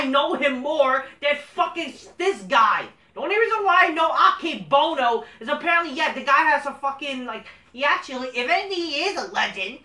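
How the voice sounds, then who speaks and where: A man hosting a casual review vlog. He rants with heavy profanity, moving between low mutters and heated outbursts. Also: pushed and bright, distant mic. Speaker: host of a wrestling review channel. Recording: roomy sound, away from the mic.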